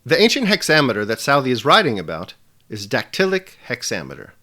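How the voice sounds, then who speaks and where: A man presenting a scripted video lesson with a measured, emphatic delivery. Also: medium pitch, wildly swooping pitch, pushed and bright. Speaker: teacher.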